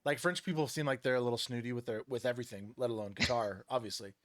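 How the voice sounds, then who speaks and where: A man in his thirties hosting a casual chat, telling stories in an animated way, laughing and swearing freely. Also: mid-range voice, fast talker, no room sound. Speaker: podcast host.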